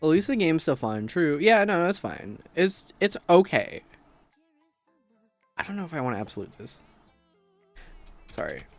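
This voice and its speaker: A man's voice: a little high, sing-song, normal speed, gravelly, long pauses, no echo, soft background music. A man streaming casually, tired, rambling and swearing while he talks about games and his code. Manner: rambling, swears, laughs a lot.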